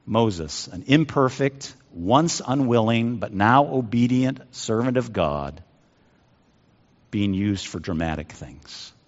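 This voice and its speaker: A male pastor delivers a dramatic sermon, his voice rising and falling in lively swings of pitch. He moves between loud, pressing lines and quiet, hushed ones. The sound is dull and slightly muffled, and it rings out in a church sanctuary with a long reverb. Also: slow pace.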